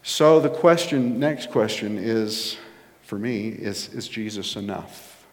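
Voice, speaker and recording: A man's voice: on the low side, slow. A man preaching a conversational sermon as pastor, rising to emphatic points. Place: church sanctuary. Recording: long reverb of a church hall.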